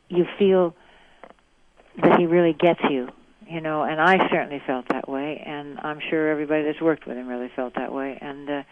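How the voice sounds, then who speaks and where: An older actress as a guest, telling long rambling stories and dropping many "you know"s. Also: female voice, low voice, dry recording. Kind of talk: anecdotal interview chat. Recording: dry tinny phone-like line.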